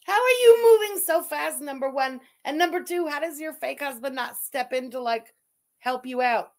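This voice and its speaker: A woman's voice: high voice, normal speed, a little mellow. A woman streamer giving crude, sarcastic reaction commentary and thanking viewers.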